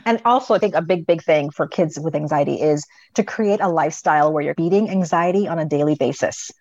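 A middle-aged woman explaining things as a psychologist guest in an interview, her voice sitting a little low. She tells stories animatedly, jumping into the voices of the people in them. The audio is dry and somewhat dull. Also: fairly quick, dry recording. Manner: animated storyteller, voices her children in quotes. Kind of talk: conversational interview.

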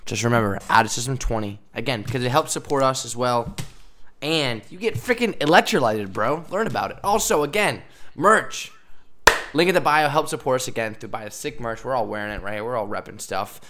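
A man's voice: mid-range voice, animated, fast talker, fairly bright tone, slight background noise. A fired-up young man in his twenties hosting a casual podcast. He rambles through sponsor reads and stories, restarts his sentences and laughs as he talks. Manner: hyped, rambling, laughs often. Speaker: podcast host.

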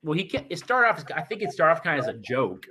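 A man's voice: on the high side, sing-song, quick pace, bright, forceful tone. A man chatting as a guest, laid-back, profane and rambling. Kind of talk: casual chat.

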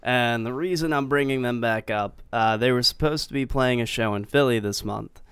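A male podcast host with an exceptionally smooth, clean voice, recorded dry and close with no room sound. He talks in a loose, relaxed way, full of "um"s and casual swearing. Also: medium pitch, normal speed, dry recording. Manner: laid-back, swears freely, hesitant fillers.

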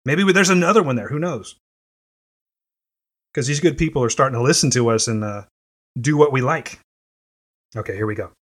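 A man's voice: medium pitch, brisk, long pauses, fairly bright tone. A man hosting a podcast in casual chat, loose, rambling and profane. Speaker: podcast host.

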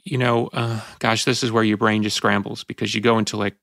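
A man in his fifties, a podcast host, talking in a reflective, halting way with frequent restarts and moments of emotion. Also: lowish voice, level tone, creaky, fairly bright tone, no room sound, clean studio sound. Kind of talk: reflective conversational talk.

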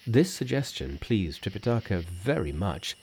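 A man with a fairly low, slightly rough voice narrates an audiobook, telling the story in a measured, expressive way.

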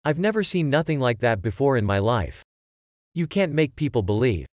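A man voicing a gruff older man who is shaken but tries to calm a younger one. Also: mid-range voice, normal speed, no echo, clean studio sound, close to an everyday voice. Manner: gruff, consoling, insistent.

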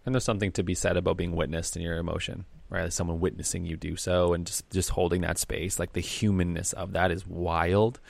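A man's voice: low voice, level tone, brisk, creaky, hardly any pauses. A man co-hosting a podcast, talking in a reflective, earnest way with frequent fillers. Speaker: podcast co-host. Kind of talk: casual podcast conversation.

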